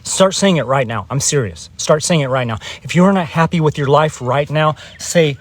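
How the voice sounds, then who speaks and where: A man from West Texas, rambling and emphatic in a casual spiritual vlog, his voice a bit hoarse, recorded outdoors in a field. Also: fairly high pitch, normal speed, no room sound. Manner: rambling and emphatic, urging viewers. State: slightly hoarse. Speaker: spiritual vlogger.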